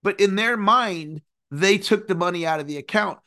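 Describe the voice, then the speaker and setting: Guy in his 40s, high-ish voice, earnest coach teaching a lesson, gets animated. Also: moderate pace. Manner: earnest, animated, sings phrases. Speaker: success coach. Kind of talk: motivational teaching talk.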